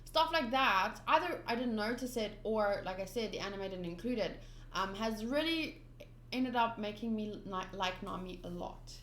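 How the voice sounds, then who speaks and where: A woman's voice: mid-range voice, expressive, moderate pace, fairly bright tone, a little hiss or hum. A woman reading a manga aloud in a casual, chatty way, thinking aloud and giggling at the panels. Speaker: manga reader. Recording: echoey room.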